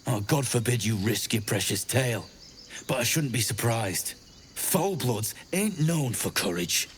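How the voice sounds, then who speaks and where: An actor playing a rough male adventurer who talks in a gruff, contemptuous way. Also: medium pitch, expressive, a little slow, slight background noise, lightly acted. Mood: sneering.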